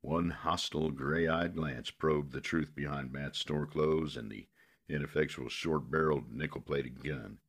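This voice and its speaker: A man narrating a western novel in a steady, measured way. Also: a bass voice, slightly rough.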